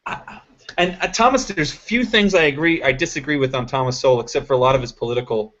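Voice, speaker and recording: A man's voice: medium pitch, fast talker, fairly bright tone. A man hosting a live political panel show, talking in an opinionated, emphatic and rambling way. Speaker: show host. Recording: lo-fi web stream audio.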